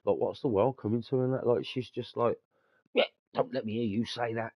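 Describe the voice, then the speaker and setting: A man's voice: mid-range voice, steady tone, a little fast, dry recording, lo-fi sound. A young man, telling stories in casual chat, swearing freely and dropping slang like mate and bruv. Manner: swearing, storytelling, laughs often, uses slang like bruv and mate. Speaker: podcast host.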